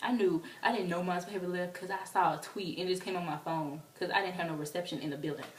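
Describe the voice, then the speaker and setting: A young woman telling a story to camera in a casual, animated way, acting out quotes in squealing voices. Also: on the low side, quick pace, far from the mic. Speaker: vlogger. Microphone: camera mic from a distance. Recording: roomy, off-mic, faint hiss.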